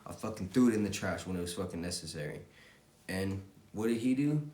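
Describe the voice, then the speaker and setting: Low-voiced guy ranting hard, swearing every other word, roomy echo. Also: brisk, warm tone. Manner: intense, swears constantly, repetitive. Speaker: motivational vlogger. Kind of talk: profane motivational rant.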